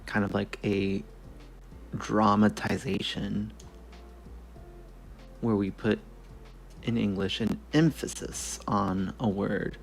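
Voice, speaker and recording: Slow, gravelly man on a study stream. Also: lowish voice, a little hiss or hum. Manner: muttering, self-correcting, swears casually. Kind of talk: casual study stream, thinking aloud.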